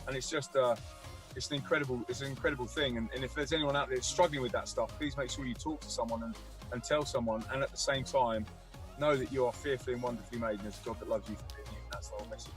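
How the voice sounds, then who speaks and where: Guy telling a story all animated, doing voices for people, faint music in the back. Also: medium pitch, quick pace. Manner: energetic, acts out voices in quotes. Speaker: guest musician and youth speaker.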